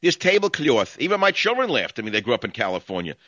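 A man's voice: fairly low pitch, huge pitch swings, rapid-fire, pushed and bright, no room sound, dull audio. A man with a New York accent hosting call-in talk radio, ranting in a brash, sardonic, rambling way.

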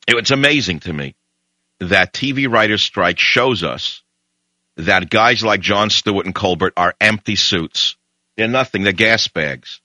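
Brash, bright-voiced radio host. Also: male voice, fairly low pitch, measured pace, dry recording. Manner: blunt, opinionated, animated. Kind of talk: monologue storytelling.

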